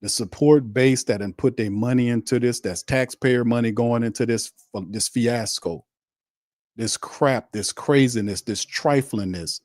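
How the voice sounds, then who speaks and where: A man's voice: mid-range voice, measured pace, darkish tone, dry recording. Fiery ranting man, dry close sound. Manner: fiery, blunt and repetitive, with mocking asides. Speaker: sports show host. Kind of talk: heated sports rant on a live watch stream.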